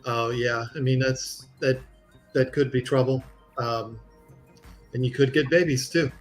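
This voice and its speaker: A man's voice: medium pitch, fairly even intonation, a little slow. Man, casual stream chat, blunt, laughs a lot, faint music under him. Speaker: aquarium YouTuber.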